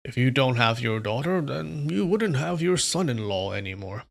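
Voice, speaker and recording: A man doing a loud, gravelly old sect leader. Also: medium pitch, expressive, moderate pace. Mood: gloating. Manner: loud, boastful and threatening. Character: ruthless old male demonic sect leader.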